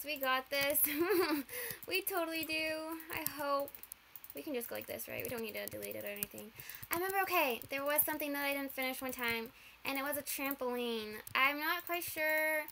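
A young woman commentating on her own gameplay, flustered, rushing and apologizing with nervous laughs. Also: high-pitched, gravelly, pushed and bright, a little hiss or hum. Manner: flustered, rushed, apologetic, giggly. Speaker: gamer.

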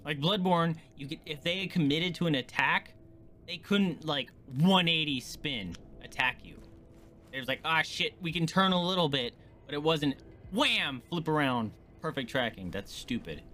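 A man's voice: fairly high pitch, measured pace, bright, forceful tone, slight background noise. A man giving let's play commentary as a gaming streamer, swearing and ranting at the game in frustration.

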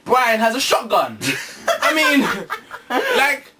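A man's voice: very high-pitched, big pitch swings, takes it slowly, recorded from a distance. A young man in casual chat as co-host, jokey and profane, laughing often. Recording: faint background hiss.

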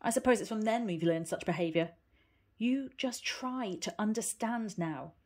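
A woman voicing an impatient aunt in a storybook reading, speaking firmly and briskly, sometimes coaxing. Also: mid-range voice, darkish tone, voice pushed up, lightly acted. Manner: snappy, firm and coaxing. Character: brisk, impatient aunt hurrying a child along.

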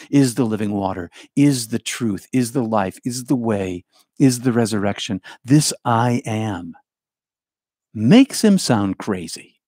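A man giving a reflective spiritual talk as a teacher, in slow, repetitive, incantatory phrases that often drop to a hush. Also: on the low side, no room sound, clean studio sound.

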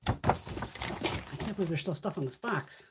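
A woman's voice: fairly low pitch, expressive, normal speed, a little hiss or hum. A woman hosting a casual live stream, telling stories bluntly with plenty of swearing and frequent laughter. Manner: blunt, heavily profane storyteller; laughs often while talking. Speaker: livestream host.

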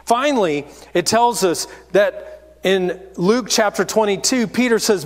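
A man's voice: high-pitched, a little slow. A man giving a sermon as lead pastor, telling stories in a candid, self-deprecating way. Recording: long hall reverb.

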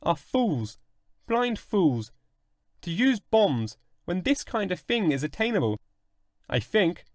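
A man's voice: sits high, big pitch swings, takes it slowly, no room sound, studio quality, full character voice. A man voicing a pale, intense male visitor who speaks in a clipped, polite manner, for an audiobook reading. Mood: scornful.

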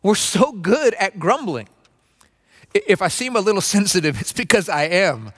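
Earnest high-voiced male pastor preaching. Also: very animated, normal speed, fairly bright tone. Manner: earnest, repeats words for emphasis. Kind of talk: sermon. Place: church.

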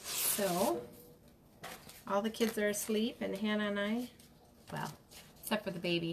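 A woman's voice: fairly low pitch, creaky, background noise. A woman hosting a casual craft demonstration, chatting and greeting viewers by name as she works. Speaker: craft livestream host.

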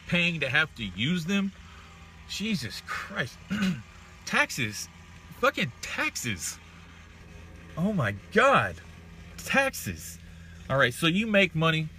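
Young man, casual vlogger, bright edgy voice, profane exasperated rants. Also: medium pitch. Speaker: vlogger reading live chat. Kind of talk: ranting casual smoke-break chat.

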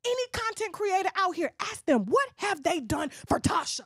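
A woman's voice: extremely high pitch, big pitch swings, normal speed, fairly bright tone, no room sound, studio quality. A woman blogger delivering a blunt, profane rant, mockingly mimicking other people. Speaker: gossip blogger. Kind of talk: ranting monologue.

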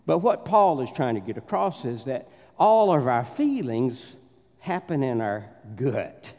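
A man's voice: mid-range voice, sing-song, unhurried, darkish tone. A man with a Southern accent preaching a sermon as pastor, telling stories and doing the voices of the people in them. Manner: storytelling, acts out the voices in his anecdotes. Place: church sanctuary. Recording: dull sound with long church reverb.

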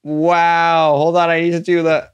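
A man's voice: a little high, completely flat delivery, measured pace, clean tone, highs cut off. Man teasing in playful podcast banter. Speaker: co-host. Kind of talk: casual podcast chat.

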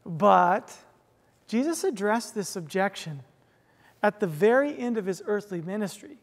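Earnest pastor preaching in a reverberant hall. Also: male voice, sits high, big pitch swings, unhurried. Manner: storytelling, earnest, frequent restarts and "right?" asides. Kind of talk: sermon. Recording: long reverb of a large hall.

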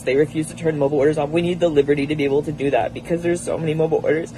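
A man's voice: a little high, steady tone, rapid-fire, few pauses, dark tone. A young man working as a barista, making an urgent, pleading complaint in a recorded clip. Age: young adult. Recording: noisy clip with traffic behind.

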